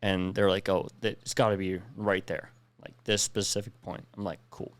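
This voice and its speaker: A young man with a low voice tells a story on a podcast and swears freely as he goes. He acts out what each person said, and the sound is dry and close. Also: level tone, moderate pace, no echo. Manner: profane, recounts with quoted dialogue. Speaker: podcast co-host, veteran. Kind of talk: casual storytelling.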